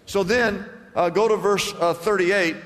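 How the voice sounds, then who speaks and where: A male pastor preaching a sermon with strong emphasis, swinging between loud declarations and hushed passages, in a church. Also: sits high, fairly even intonation, a little slow. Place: church sanctuary. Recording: long hall reverb.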